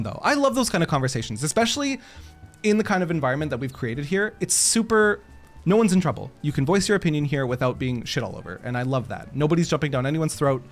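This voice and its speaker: A man streaming a game, chatting casually with his chat, animated, laughing often and swearing freely. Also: a little high.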